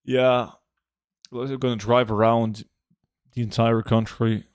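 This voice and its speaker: A man's voice: medium pitch, slow, smooth, dry recording. Guy chatting on a game stream, easygoing, lots of ums, dry close sound. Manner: relaxed, answers chat with many fillers. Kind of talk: casual live-stream chat.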